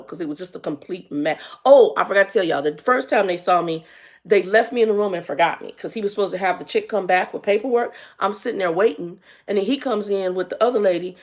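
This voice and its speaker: Woman in her fifties, casual storytime vlog, animated, exasperated, acts out the dialogue. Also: medium pitch. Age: 50s. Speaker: vlogger.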